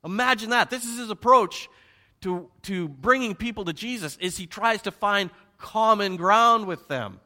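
A man preaching a sermon with animated emphasis, rhetorical questions and joking asides. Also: high-pitched, moderate pace. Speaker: pastor.

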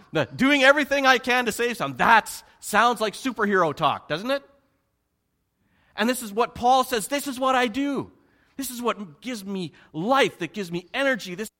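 A man preaching a sermon with animated emphasis, rhetorical questions and joking asides. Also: fairly high pitch. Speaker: pastor.

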